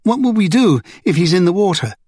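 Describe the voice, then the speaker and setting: Man doing a fretful young woman, pleading, raised pitch, dry close sound. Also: very animated, brisk, darkish tone, no room sound. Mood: anxious. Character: anxious young woman, easily alarmed.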